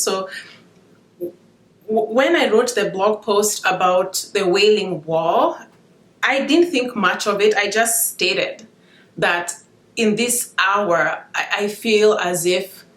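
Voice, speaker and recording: A woman giving an informal devotional talk, speaking emotionally and haltingly as she holds back tears. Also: medium pitch, fairly bright tone, roomy sound. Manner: emotional, halting, with restarts and asides. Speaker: Christian video blogger sharing dreams.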